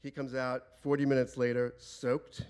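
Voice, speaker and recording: A man tells a comic family story live before an audience. His delivery is animated and playful. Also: medium pitch, normal speed, smooth.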